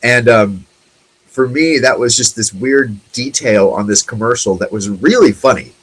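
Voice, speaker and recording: A man's voice: mid-range voice, a little slow, a bit bright, slightly rough, low-quality recording. A man in his forties hosting a casual solo talk show, rambling and chatty with lots of fillers. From United States. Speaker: host.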